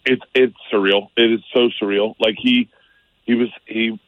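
A man calling in as a guest on a radio show, talking excitedly with stumbling restarts. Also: fairly low pitch, normal speed, dry recording. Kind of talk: casual phone interview. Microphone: phone line. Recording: tinny phone line.

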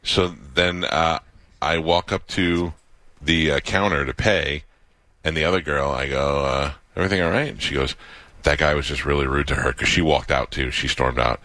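A man's voice: very deep voice, moderate pace, no room sound. A man co-hosting a radio show, telling a story in casual banter and acting out the voices of the people in it. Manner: animated storyteller, acts out quoted voices.

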